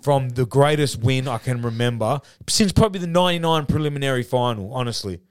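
A man's voice: medium pitch, a little fast, clean tone, no echo. An Australian man in a casual podcast studio chat, telling a rambling, sweary story. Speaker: podcast co-host.

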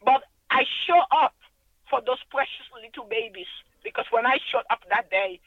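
A woman's voice: high-pitched, animated, normal speed, no echo, dull audio. A woman from Sierra Leone giving earnest personal testimony as a guest in an interview, building her points in rhythmic lists. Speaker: human rights activist guest.

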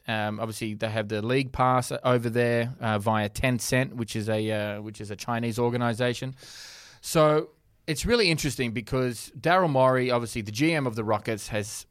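A man's voice: medium pitch, clear, resonant tone, dry recording, clean studio sound. Chatty man hosting a sports podcast. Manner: chatty, restarts often, laughs easily. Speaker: podcast host. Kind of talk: casual sports podcast chat.

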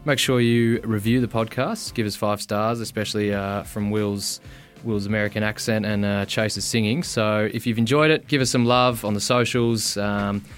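A man's voice: on the low side, fairly even intonation, moderate pace, hardly any pauses, faint music behind. A young Australian man hosting a casual podcast interview, teasing and bantering with his guests. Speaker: podcast host.

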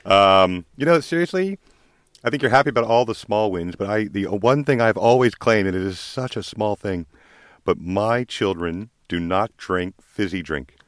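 A man's voice: lowish voice, moderate pace, no echo, clean studio sound. An Australian man, a comedian guest, telling wry rambling stories in casual podcast chat. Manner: rambling, wry storytelling with restarts.

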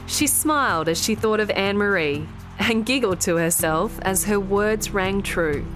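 A woman's voice: mid-range voice, a little slow. A woman narrating a children's story expressively. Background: music.

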